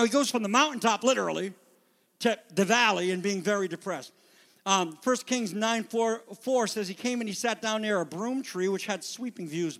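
A man with a high, light voice delivers a sermon from the pulpit, his words ringing out in a hall with a long reverb. He swings from hushed, almost whispered lines to urgent, building calls to the congregation. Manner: dramatic, drops to a near whisper for quiet passages and rises to urgent calls. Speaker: pastor.

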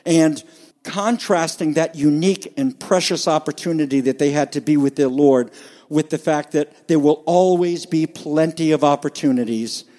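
A man's voice: a little high, moderate pace, warm tone. A pastor delivering a conversational sermon with emphatic phrasing, explaining scripture to his congregation. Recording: long hall reverb.

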